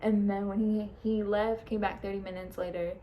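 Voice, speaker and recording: A woman's voice: medium pitch, level tone, moderate pace, dull audio. A young woman casually telling a personal story, chatty, laughing often and swearing freely. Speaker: vlogger. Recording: faint background noise.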